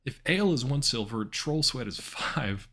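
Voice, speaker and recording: A man's voice: mid-range voice, moderate pace. A man streaming an adventure game live, chatting wryly and reading the game's text aloud. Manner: wry, chatty, animated asides.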